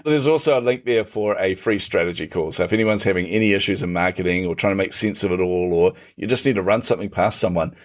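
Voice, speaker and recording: A man's voice: low-pitched, fast, few pauses. A middle-aged man, a podcast guest, telling stories conversationally, laughing often and acting out what others said. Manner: animated, laughs often, acts out quotes. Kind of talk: conversational storytelling.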